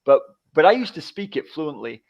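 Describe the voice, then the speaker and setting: A man's voice: a little high, moderate pace, gravelly. A man in his forties chatting casually as a podcast co-host, telling stories and acting out what others said. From United Kingdom. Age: 40s. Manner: animated storyteller, acts out quoted voices. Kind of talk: casual chat. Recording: dull lo-fi audio.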